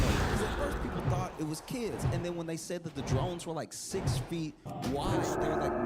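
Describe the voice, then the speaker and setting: A man's voice: high voice, animated, moderate pace. Rambling, laughing stand-up man over heavy noise. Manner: laughing storyteller, rambling asides. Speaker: stand-up comedian. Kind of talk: stand-up routine. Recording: loud background noise.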